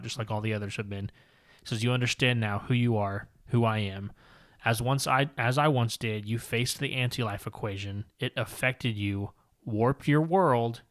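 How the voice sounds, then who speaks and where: A man's voice: fairly low pitch, a bit bright. A man co-hosting a comic book podcast, casually recapping and reading panels aloud in a long-winded, rambling way. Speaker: podcast co-host.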